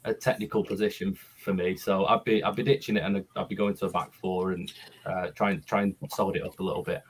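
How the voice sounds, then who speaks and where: A man's voice: deep voice, little pitch movement, fast, a little hiss or hum. A man calling in to a football phone-in, speaking earnestly with frequent restarts. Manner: earnest, talks in repeated restarts. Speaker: caller. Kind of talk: phone-in chat.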